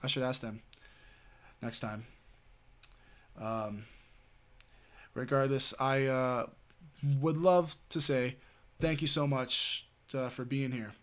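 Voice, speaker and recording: A man's voice: medium pitch, fairly even intonation, slow, long pauses. A man streaming late at night, telling a story in a rambling, casual way with lots of fillers and swearing. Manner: rambling, heavy filler words and frequent swearing.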